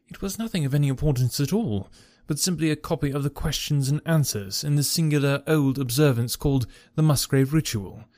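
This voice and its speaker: A man's voice: mid-range voice, a little mellow, no room sound, clean studio sound. Man narrating a story formally. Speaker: audiobook narrator. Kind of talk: scripted narration.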